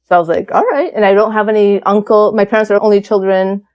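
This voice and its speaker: A woman's voice: medium pitch, fast talker, clear, resonant tone. A woman guest on an interview podcast, telling her story in a casual, candid way with lots of fillers. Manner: chatty, many fillers, animated and candid.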